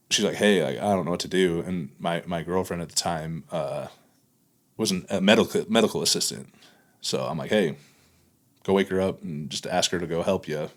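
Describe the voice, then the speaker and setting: Deep-voiced man telling a raw story. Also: a bit bright. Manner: halting retelling full of fillers and restarts. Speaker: podcast guest. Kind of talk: candid podcast conversation.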